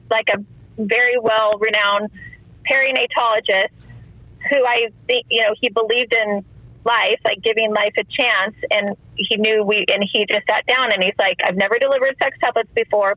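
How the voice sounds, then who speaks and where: A woman's voice: medium pitch, bright, forceful tone, no room sound, lo-fi sound. A middle-aged woman telling her personal story as a podcast guest, emotional and often acting out what others said. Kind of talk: personal testimony in a podcast interview.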